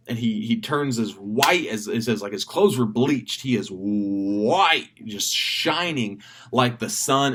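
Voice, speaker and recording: A man leading children's ministry, briefing volunteers in a relaxed, chatty, self-deprecating way. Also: medium pitch. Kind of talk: casual volunteer training briefing.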